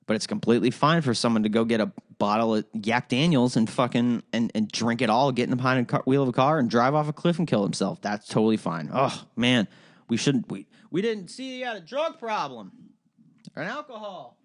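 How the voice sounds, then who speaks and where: A man's voice: medium pitch, expressive, a little fast. A man hosting a solo podcast, ranting in a rambling, profane way with frequent restarts. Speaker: podcast host.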